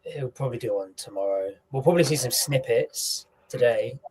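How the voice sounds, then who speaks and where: A man's voice: medium pitch, expressive, fairly quick, a little mellow, slightly rough, poor audio. A man on a football fan panel, gloomy and hesitant, full of ums. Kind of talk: casual fan show chat.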